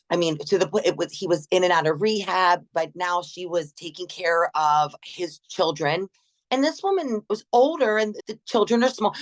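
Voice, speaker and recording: A middle-aged woman, a gym manager, chatting in an interview, telling stories with laughs and acted-out quotes. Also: fairly low pitch. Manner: animated, laughs often, acts out quoted voices. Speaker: gym general manager, guest. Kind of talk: casual interview storytelling.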